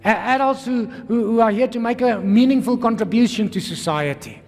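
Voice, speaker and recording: High-voiced South African pastor preaching. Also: male voice, brisk, soft background music. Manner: energetic, rhetorical questions, calls on the congregation. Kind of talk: sermon. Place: church. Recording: long reverb of a church hall.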